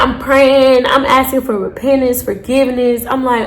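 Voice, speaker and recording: Young woman, high voice, animated casual storytelling, cursing, shouty outbursts. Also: unhurried. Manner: animated, dramatic retelling with shouted bursts and cursing. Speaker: storytime vlogger.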